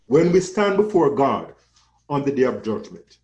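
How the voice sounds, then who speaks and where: A man's voice: mid-range voice, big pitch swings, moderate pace, darkish tone, lo-fi sound. A man preaching a sermon with an emphatic, rising and falling cadence, calling listeners his friend.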